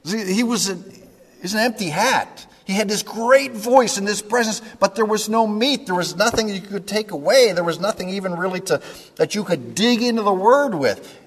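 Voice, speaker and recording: A man's voice: high voice, expressive, moderate pace. Man preaching in a reverberant hall. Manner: conversational preaching with frequent "okay?" checks. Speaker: pastor. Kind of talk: sermon.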